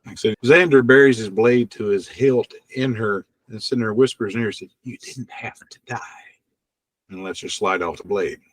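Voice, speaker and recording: A man's voice: fairly low pitch, fairly quick, hardly any pauses, low-quality recording. A man playing a tabletop game, chatting in short offhand remarks. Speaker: player.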